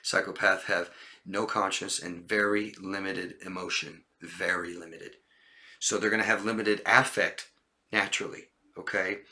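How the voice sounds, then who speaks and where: A man's voice: deep voice, fairly even intonation, normal speed, bright, forceful tone. A man coaching on body language in a casual talk to camera, acting out short lines from liars to show them. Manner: demonstrative, acts out liars' lines in a raised voice.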